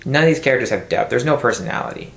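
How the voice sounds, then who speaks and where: A fed-up man tearing into a film in a rambling, cursing rant, often breaking off and starting sentences over. His voice sits at a middling pitch. It comes through a built-in camera mic in a roomy, echoing space with a faint hiss behind it. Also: expressive, very fast, creaky. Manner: exasperated, rambling, swears, restarts sentences. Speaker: film reviewer. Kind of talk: angry movie review rant. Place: home room. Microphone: built-in camera microphone.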